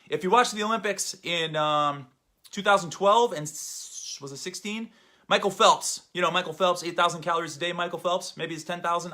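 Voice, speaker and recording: Slightly winded, a fitness show host demonstrates an exercise before drifting into loose, upbeat podcast banter full of jokes. He has a high-pitched voice.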